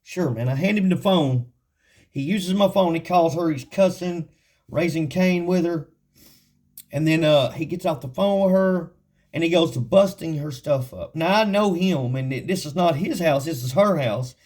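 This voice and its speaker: Folksy and laid-back, a man tells stories while teaching the Bible, often breaking into laughter and reading verses slowly and deliberately. His voice leans high and is a little mellow.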